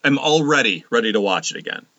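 Bright, joking male podcast co-host. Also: medium pitch, animated, no room sound, muffled recording. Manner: joking, quick banter. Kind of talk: casual chat.

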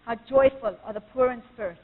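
A woman's voice: fairly high pitch, a little fast, husky. A woman preaching a sermon at a church service, earnest and emphatic, quoting scripture with rising force. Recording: tinny phone-like sound with long church reverb.

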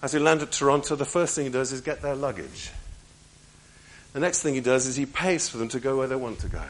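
A man preaching a sermon, moving between raised emphatic lines and hushed, quiet passages and repeating key phrases. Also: medium pitch, a little fast, poor audio.

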